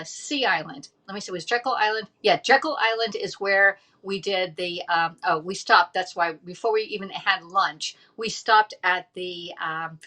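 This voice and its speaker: A woman's voice: on the low side, pushed and bright. A woman, chatting casually on a livestream from home and rambling through a story with lots of fillers. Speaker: livestream host.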